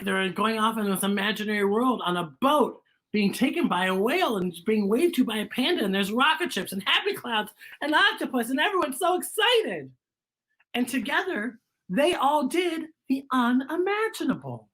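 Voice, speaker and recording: Breathy, expressive woman reading to kids. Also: on the high side. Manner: expressive, asks the young listeners questions, drops to a whisper. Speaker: children's storytime host. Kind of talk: picture-book read-aloud for children.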